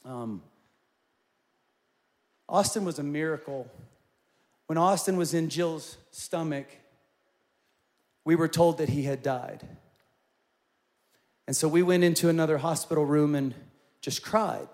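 A man in his forties preaching a sermon, telling personal stories in an animated way and rising to loud, emphatic peaks. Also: fairly high pitch, measured pace, long pauses. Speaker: pastor.

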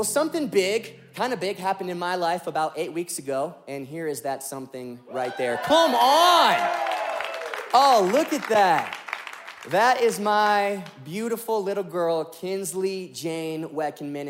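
A man in his twenties preaching a sermon to a church, telling funny personal stories and acting out what people said. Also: sits high. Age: 20s. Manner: animated, joking, acts out quotes. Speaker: pastor. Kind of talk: sermon with humorous storytelling.

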